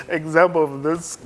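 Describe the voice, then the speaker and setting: Lively man interviewing with quick backchannels. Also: on the high side. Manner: frequent short agreeing interjections, laughs easily. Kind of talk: casual conversational interview.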